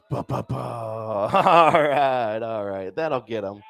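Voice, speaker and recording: A man's voice: medium pitch, expressive, slow, gravelly, fairly bright tone, no echo. A young man doing a stand-up comedy set on a club stage into a handheld mic, loose and crude, packing his lines with "dude" and "right?".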